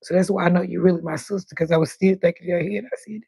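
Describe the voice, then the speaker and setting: A woman in her fifties chatting on a livestream as host, telling animated stories with plenty of cussing. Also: lowish voice, rapid-fire, vocal fry, hardly any pauses, slightly rough, dry recording. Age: 50s. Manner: chatty, animated storytelling with cussing and quoted voices. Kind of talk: casual livestream chat.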